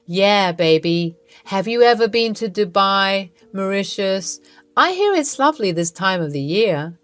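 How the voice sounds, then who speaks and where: A woman voicing a smooth flirting male suitor. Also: medium pitch, lively intonation, measured pace, a bit bright, no echo, soft background music. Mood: flirty. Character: sly flirting suitor posing as a celebrity, male.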